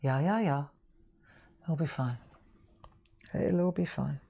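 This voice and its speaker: A woman's voice: low voice, slow, gravelly, warm tone, husky. A woman hosting a craft livestream from her craft room, chatting to viewers in a rambling, jokey way and laughing often. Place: indoor home craft room.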